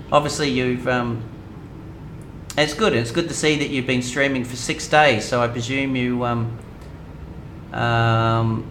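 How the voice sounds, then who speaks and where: A middle-aged Australian man hosting a game live stream, chatting casually with viewers and pausing often with ums. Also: medium pitch, a bit bright, a little hiss or hum. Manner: hesitant, many ums, reads chat aloud.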